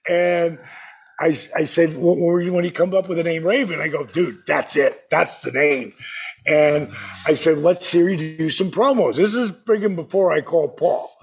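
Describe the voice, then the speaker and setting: An older man hosting a podcast in casual chat, raspy and gravelly, laid-back with loud bursts when he quotes people. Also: a little high, moderate pace. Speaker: podcast host.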